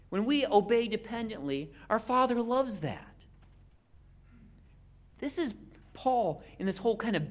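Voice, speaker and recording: Preacher working through a bible passage, lively, cracks little jokes, trips over words sometimes. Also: mid-range voice. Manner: animated, jokey asides, restarts and repeated words. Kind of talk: expository sermon.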